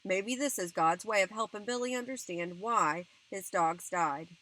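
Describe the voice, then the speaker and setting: A woman voicing a serious, thoughtful farmer father in an audiobook, speaking slowly and gravely. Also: mid-range voice, a bit bright, close to an everyday voice, rough recording.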